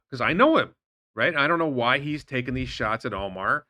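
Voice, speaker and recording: A middle-aged man hosting a stock market livestream, talking in an animated, indignant way with lots of rhetorical questions. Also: medium pitch, fairly quick, no echo. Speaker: stock market show host. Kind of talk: livestream commentary.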